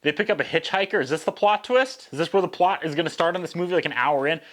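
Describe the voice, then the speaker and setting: A man's voice: on the high side, fast talker, a bit bright. A man hosting a casual video review, recapping a movie's plot with sarcastic, wry asides. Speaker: host.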